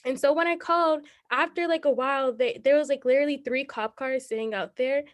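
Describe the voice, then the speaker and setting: A woman's voice: high-pitched, brisk, no echo, studio quality. Young woman, earnest and rambling. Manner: earnest, rambling, laughs often. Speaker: city council candidate. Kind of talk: interview answers.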